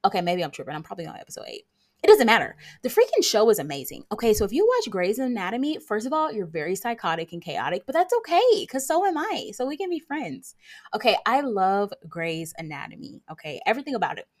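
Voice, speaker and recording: A young woman hosting a casual solo podcast, talking fast and excitably with playful sarcasm. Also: medium pitch. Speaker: podcast host.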